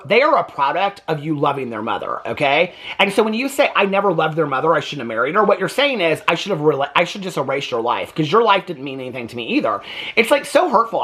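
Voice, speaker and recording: Guy doing a gossipy tv recap rant, super lively up and down voice, gets fed up and mimics everyone. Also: on the high side, slightly rough. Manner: exasperated, gossipy, mimics people he talks about. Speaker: TV recap commentator. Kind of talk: casual reality-TV recap rant.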